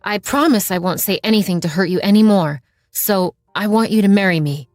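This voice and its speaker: A woman's voice: mid-range voice, a little fast, no echo, natural voice. Read by a woman, a short-tempered middle-aged boyfriend snaps out crude insults, then turns sheepish when he apologizes. The voice stays close to an everyday speaking tone in a narrated audio story. The recording is dry, with faint music underneath. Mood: earnest.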